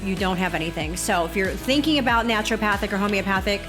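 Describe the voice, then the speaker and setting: Casting: woman podcast host, mid pitch, chatty and effusive, rambling warmth of thanks. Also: fast, music in the background. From California. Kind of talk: casual interview chat.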